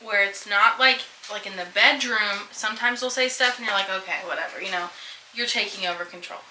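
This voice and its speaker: A young woman book vlogger chatting casually and reading romance excerpts aloud in a mocking, animated way, laughing often. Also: mid-range voice, a little fast, reverberant, slight background noise, rough recording.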